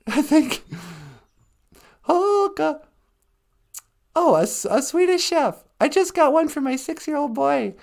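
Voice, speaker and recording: Slow, high-voiced Midwestern woman. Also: sing-song, creaky, a little mellow. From northern Minnesota. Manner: chatty and teasing, laughs often. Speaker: live stream host. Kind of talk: casual live stream chat.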